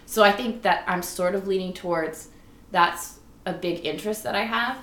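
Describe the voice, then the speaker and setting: A woman actress and writer chatting casually as an interview guest, animated and laughing often. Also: medium pitch, normal speed. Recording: roomy echo with faint room noise.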